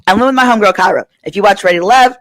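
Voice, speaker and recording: A woman's voice: mid-range voice, very fast, a bit bright, no room sound. A woman in her thirties, an attorney hosting her show, telling a funny personal story at home and acting out the other people's lines. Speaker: attorney and host. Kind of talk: casual comedic storytelling. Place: at home, her father's house.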